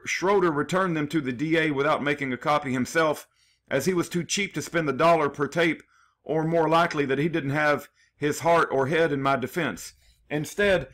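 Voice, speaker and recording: A man's voice: on the high side, fairly bright tone. A man reading his own prepared statement in numbered points, earnest and aggrieved, with small restarts. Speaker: defendant telling his case.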